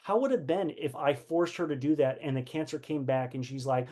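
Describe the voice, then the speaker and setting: Earnest guy with a kinda high voice teaching a leadership class, acts out conversations. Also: fast, few pauses, dark tone. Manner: earnest, repeats words, acts out quoted dialogue. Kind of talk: personal teaching talk.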